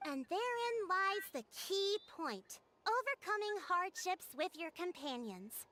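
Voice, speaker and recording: An earnest high-voiced game guide. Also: female voice, sing-song, a little slow, noisy background, heavily acted. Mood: explaining. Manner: gentle, explanatory, storytelling. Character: earnest young woman guide, a local storyteller. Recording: game audio with music underneath.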